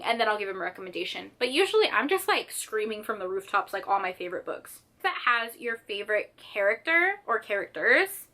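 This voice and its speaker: A young woman chatting casually about her favorite books, gushing and animated, with lots of "like". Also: mid-range voice, fairly quick, few pauses. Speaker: book vlogger. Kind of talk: casual chat.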